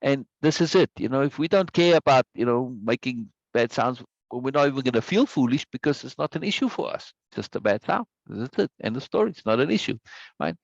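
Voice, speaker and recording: A man's voice: medium pitch, expressive, a little fast, gravelly, no echo, dull audio. A man teaching a live online course, talking conversationally, repeating words for emphasis and often checking in with "right?". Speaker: course instructor. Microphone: video call microphone.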